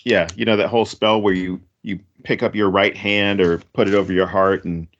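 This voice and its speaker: A man co-hosting a podcast, chatting casually about a movie, rambling and jokey with animated asides. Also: low-pitched, a little fast, lo-fi sound, a little hiss or hum. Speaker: podcast co-host.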